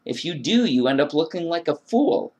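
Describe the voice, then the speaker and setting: A man's voice: fairly high pitch, big pitch swings, moderate pace. Earnest man ranting about faith. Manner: earnest, emphatic, with quoted inner prayers. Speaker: video blogger. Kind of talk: religious rant monologue.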